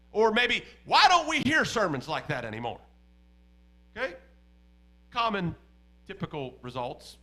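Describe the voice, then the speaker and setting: A male preacher with a high, very bright and ringing voice delivers an animated sermon. He leans hard on key words, then drops to a hush before rising again. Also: rough recording. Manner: animated, emphatic, swings between loud and hushed.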